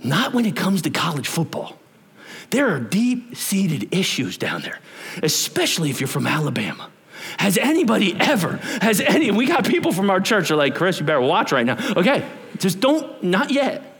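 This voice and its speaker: A male pastor preaching to his church, his voice sitting high and swinging widely in pitch. He talks in a chatty, animated way and keeps asking the congregation questions. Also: normal speed, breathy edge. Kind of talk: sermon.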